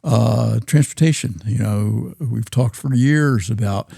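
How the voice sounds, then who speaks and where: A man with a South Jersey accent, talking as a guest in an interview, often halting and repeating words as he thinks. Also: medium pitch, vocal fry, warm tone, slightly rough, no echo, studio quality. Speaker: guest, city planner. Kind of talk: casual interview talk.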